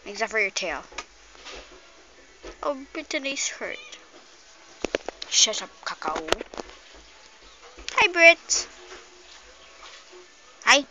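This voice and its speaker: A woman's voice: on the high side, sing-song, slow pace, long pauses, sharp tone, slight background noise. A woman filming her cat and kittens at home on a phone, talking to them in a playful, cooing voice. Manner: cooing, playful baby talk to animals. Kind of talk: casual home video, talking to pets. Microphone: phone camera. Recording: dull lo-fi phone recording.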